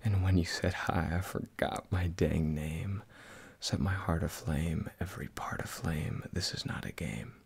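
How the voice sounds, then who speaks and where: A man's voice: deep voice, steady tone, a little slow, creaky, slightly rough, exaggerated voice. A man whispering as a wistful maid of honor. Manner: whispered rap reading, soft. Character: witty older sister, maid of honor. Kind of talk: whispered role-play.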